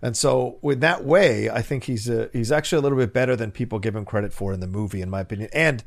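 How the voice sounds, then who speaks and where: A man co-hosting a film podcast in a casual chat, animated and rambling, often laughing. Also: mid-range voice, fast talker, vocal fry. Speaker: podcast co-host.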